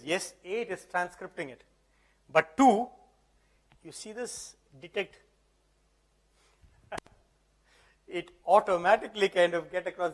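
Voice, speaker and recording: A man's voice: high voice, a bit bright. A man presenting a live tech demonstration at an event, talking conversationally and often checking that the audience follows. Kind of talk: live tech demo talk. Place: event hall.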